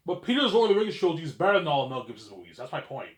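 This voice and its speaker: A man with a slightly high voice talks casually to his viewers and keeps throwing rhetorical questions at them. His voice rings in a roomy, echoey space. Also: very animated, racing. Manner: chatty, addresses viewers, asks rhetorical questions. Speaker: vlogger. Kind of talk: casual opinion monologue. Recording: roomy echo.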